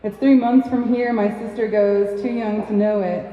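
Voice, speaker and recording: A woman reading a poem in the voice of a grieving rural farm woman with a plain, halting country cadence. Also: mid-range voice, steady tone, close to an everyday voice. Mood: mournful. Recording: echoey dull sound from a distant mic in a pub.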